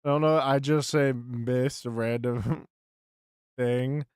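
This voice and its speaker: Slow-talking frustrated young male streamer. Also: mid-range voice, fairly even intonation, a little mellow, smooth, no echo, clean studio sound. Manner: frustrated, swearing, repeats himself. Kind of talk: casual live-stream chat.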